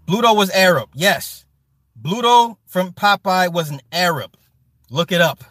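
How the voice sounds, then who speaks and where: A man hosting a livestream, chatting casually and reading comments, loose and profane, with loud animated outbursts. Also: high voice, unhurried, no room sound, studio quality. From Chicago. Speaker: livestream host reading chat. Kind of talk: casual chat.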